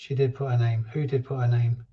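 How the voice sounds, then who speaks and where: A man's voice: medium pitch, flat delivery, fairly quick, lo-fi sound. A man hosting a casual live stream, chatty and jokey as he reads out viewers' names. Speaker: reseller livestream host.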